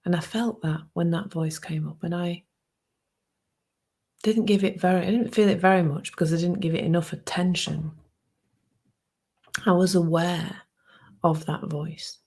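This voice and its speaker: Gravelly, husky woman in her fifties. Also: on the low side, fairly even intonation, moderate pace. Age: 50s. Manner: soft-spoken and reflective, often dropping to a hushed near-whisper. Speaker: speaker sharing a personal reflection. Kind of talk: personal reflective talk.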